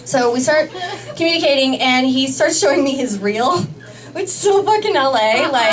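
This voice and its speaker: A woman's voice: sits high, expressive, moderate pace. A young woman stand-up comedian telling a story in a chatty, profane way, laughing as she goes. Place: comedy club stage. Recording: distant stage mic, live crowd. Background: laughing audience.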